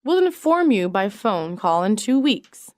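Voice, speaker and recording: A woman reading business English sentences aloud in a measured, clearly enunciated way. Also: mid-range voice, very animated, darkish tone, no room sound, studio quality. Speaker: English phrase reader. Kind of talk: slow read-aloud example sentences.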